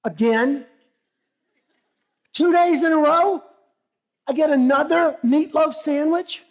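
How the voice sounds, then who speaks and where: A fed-up working guy at his wits' end, ranting high and loud about the same lunch every day, as a speaker puts him on. The voice climbs well above a normal speaking pitch and pushes hard with exasperated complaining. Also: slow, exaggerated voice.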